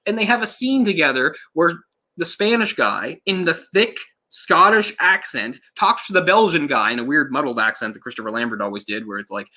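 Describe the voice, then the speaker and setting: Man, casual film commentary, rambling, self-correcting, bright tone. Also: fairly high pitch, expressive, brisk. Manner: rambling, self-correcting, laughs and swears in passing.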